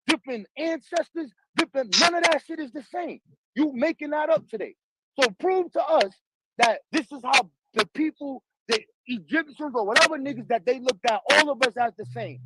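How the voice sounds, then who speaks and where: A man's voice: extremely high pitch, lively intonation, moderate pace. A man arguing in a heated online debate, aggressive and profane, talking over his opponent. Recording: loud background noise with clicks.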